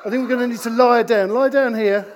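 A man preaching an interactive sermon in church, playful with his volunteers and slowing down to stress key points. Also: extremely high pitch, steady tone, a little hiss or hum. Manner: playful, slows down for emphasis.

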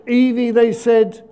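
A man's voice: very high-pitched, smooth, phone-quality sound. A man giving a playful, interactive all-age church talk, asking the congregation questions as he preaches. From Britain. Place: church hall.

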